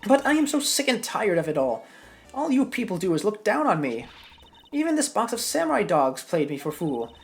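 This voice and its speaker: A woman voicing a meddling, fawning old woman from a game who scolds and gushes by turns, with her voice jumping up high. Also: sing-song, moderate pace, soft background music. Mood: indignant. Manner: gushing and scolding, swoops up high.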